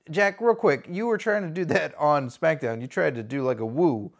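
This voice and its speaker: A man with a low voice acts as the interviewer in a comedy sketch. He plays the dry, exasperated straight man. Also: moderate pace, gravelly, hardly any pauses.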